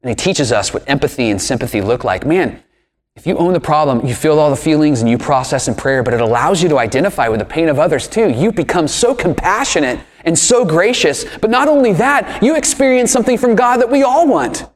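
A man's voice: fairly high pitch, animated, fairly quick, in a large hall. A man preaching a sermon with emphatic delivery, asking rhetorical questions and swinging his voice up and down. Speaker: pastor.

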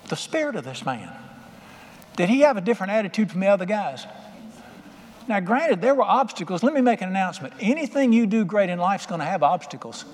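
A man preaching a sermon as pastor, folksy and animated, with punchy asides. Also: high voice. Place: church sanctuary. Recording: long echo of a church hall.

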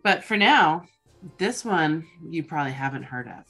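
A young woman hosting a casual chat podcast, telling stories in a rambling, excitable way with casual swearing. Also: sits low, normal speed, faint music behind. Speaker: podcast host.

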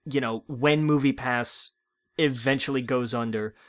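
A man's voice: mid-range voice, fairly even intonation, unhurried. Man, casual chat, eager explainer, stumbles over his starts. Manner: enthusiastic and explanatory, with stammered restarts.

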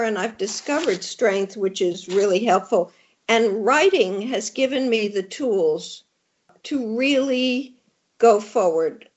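Older woman, candid and wry, lo-fi. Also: mid-range voice. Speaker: guest, widowed author. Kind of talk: conversational interview. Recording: dull lo-fi audio.

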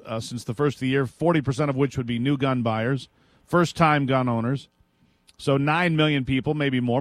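A man's voice: mid-range voice, no echo. A man hosting a political talk radio show, opinionated and chatty, laughing now and then.

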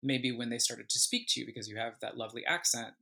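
A man guest on an interview show talks in a bright, clear tone. He is animated and thoughtful and often stops to restart his sentences, at a middling pitch. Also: quick pace. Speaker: guest musician. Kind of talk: casual interview chat.

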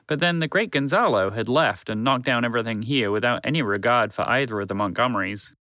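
A man narrating a children's story in a calm, measured, friendly way. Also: mid-range voice, no room sound.

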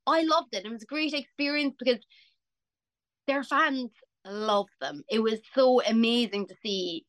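A young Irish woman, a singer, chatting casually and telling lively stories as an interview guest. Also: on the high side, a little slow, no echo. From Ireland. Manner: chatty, animated storyteller. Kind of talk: casual chat.

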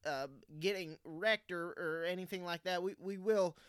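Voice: mid-range voice, steady tone, moderate pace, smooth, dry recording, studio quality. A young adult co-hosting a casual comedy podcast, rambling playfully and slipping into mock radio DJ bits. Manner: playful, rambling, hesitant with fillers. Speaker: podcast co-host. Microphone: close studio mic.

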